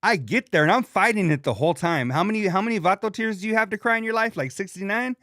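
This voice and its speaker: A man's voice: high voice, fast talker, a bit bright, dry recording, studio quality. A man hosting a casual podcast chat in slangy talk, often acting out the lines he quotes. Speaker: podcast host.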